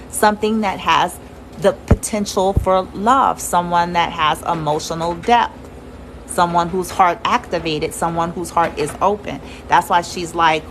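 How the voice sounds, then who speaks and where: A woman's voice: lowish voice, slight background noise, low-quality recording. Blunt, swearing woman reading tarot. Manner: blunt, swears freely, laughs often. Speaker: tarot reader. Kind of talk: casual tarot reading to viewers.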